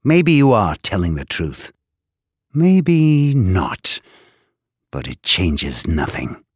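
A male narrator voicing a cruel, sadistic prison warden who taunts his captive in a slow, husky, gloating voice. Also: low-pitched, wildly swooping pitch, no room sound, clean studio sound, heavily acted. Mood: ranting. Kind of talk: audiobook character voice.

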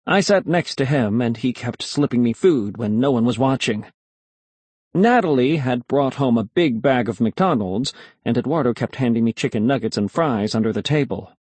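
Man, storybook narrator, husky voice, lively pitch, dry close sound. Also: moderate pace, no room sound. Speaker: audiobook narrator. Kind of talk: first-person storybook narration.

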